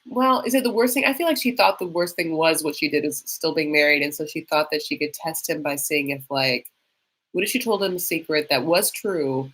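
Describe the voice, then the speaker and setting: A woman's voice: low voice, fairly bright tone. A woman hosting a live stream, reacting to a reality show in a chatty, sarcastic, theatrical way. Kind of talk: casual live reaction chat.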